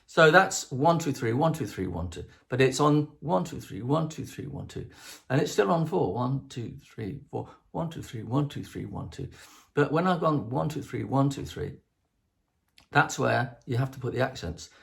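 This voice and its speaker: A man's voice: medium pitch, animated, moderate pace, vocal fry. An older man chatting alone to camera, rambling, restarting often and singing out rhythms to make his point. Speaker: host. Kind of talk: rambling solo chat to camera.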